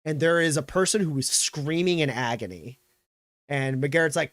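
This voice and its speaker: A man's voice: a little high, a bit bright, dry recording. Guy running a tabletop game, lots of ums and likes, dry close mic. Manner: loose, halting, with many fillers. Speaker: game master.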